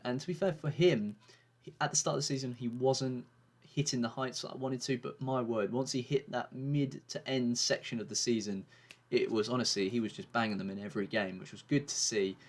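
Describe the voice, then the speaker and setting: A man talks through his game season in a loose, chatty way, full of ums and restarts. His voice sits on the low side. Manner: chatty, rambling, with frequent fillers and restarts. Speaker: gaming YouTuber. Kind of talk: casual game commentary.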